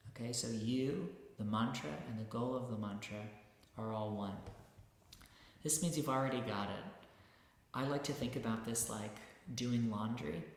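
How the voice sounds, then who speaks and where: A man giving a relaxed, conversational spiritual lecture as a meditation teacher. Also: mid-range voice, moderate pace. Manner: relaxed, conversational, with many fillers. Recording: very echoey hall, long reverb.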